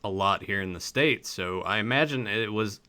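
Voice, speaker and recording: A man with a slight Southern US accent, co-hosting a podcast in casual, animated chat. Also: lowish voice, moderate pace, clean tone, dry recording. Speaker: podcast co-host.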